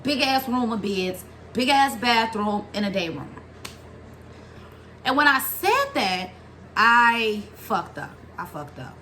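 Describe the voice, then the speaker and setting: A young woman telling a story about her own past in a casual vlog, animated and profane, acting out other people's lines. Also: fairly high pitch, slow, slight background noise.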